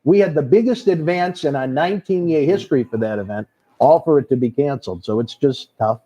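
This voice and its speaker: A man with a Boston accent hosts a casual live stream, reading viewer comments aloud and calling everyone brother. His voice sits high but has a dark, mellow tone. The stream audio sounds dull and lo-fi. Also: brisk. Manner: reads out viewer comments, calls people brother. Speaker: host of a wrestling watch-along stream.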